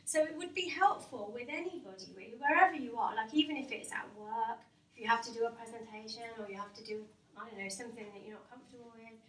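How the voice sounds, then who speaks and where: Woman, high-pitched, chatty hypnotherapy talk to a live audience, roomy distant recording. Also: quick pace, fairly bright tone. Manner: chatty, laughs often, asks the audience questions. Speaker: hypnotherapist giving a staff talk. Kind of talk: informal workshop talk. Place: company meeting room with a live audience. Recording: roomy and distant, faint background noise.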